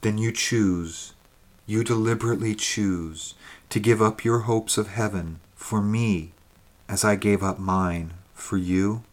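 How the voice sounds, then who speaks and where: A man reading the lines of a young woman's ghost, once burned as a witch, in a soft, intimate, pleading way. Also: on the low side, slow. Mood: tender.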